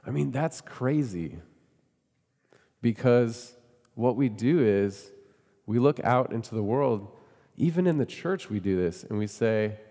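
A man's voice: mid-range voice, lively intonation, slow, pauses often, warm tone, in a large hall. A man preaching a sermon in a conversational way, often asking his listeners questions. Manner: conversational, asks the congregation questions. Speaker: pastor.

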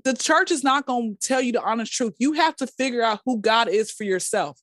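A woman, a podcast guest, telling stories in a casual, animated way and acting out quotes in a high voice. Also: fairly quick, no room sound, clean studio sound. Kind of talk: casual storytelling chat.

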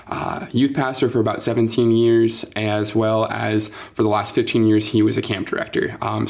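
Low, flat-voiced young man telling his story. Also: creaky. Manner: earnest, filler-heavy, says like and um often. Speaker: youth pastor, interview guest. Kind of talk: casual interview storytelling.

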